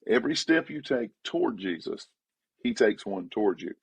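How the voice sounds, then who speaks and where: A low, gravelly man talks like a pastor in casual conversation. He is emphatic and repeats himself, his pitch leaping up on the words he stresses. The recording is dry, with no room sound. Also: big pitch swings, moderate pace, no echo. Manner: emphatic, repetitive, rising pitch when stressing points.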